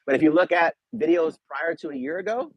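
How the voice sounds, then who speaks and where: A man's voice: a little high, a little fast, slightly rough, dry recording, poor audio. A man hosting a casual livestream, chatting straight to viewers in a laid-back, slangy way. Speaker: YouTube reaction channel host.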